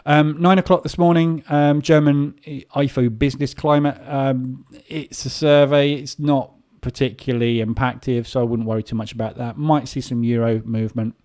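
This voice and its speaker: A man's voice: medium pitch, steady tone, moderate pace, few pauses, darkish tone. A man hosting a live trading session, talking casually and rambling with many filler sounds. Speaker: trading room host. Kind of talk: live market commentary.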